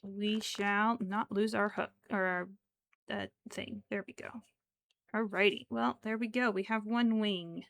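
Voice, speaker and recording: A woman chatting casually on a craft livestream, slow and chatty, at times cooing baby talk to her pet. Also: medium pitch, fairly even intonation, gravelly, slight background noise, rough recording. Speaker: crochet streamer.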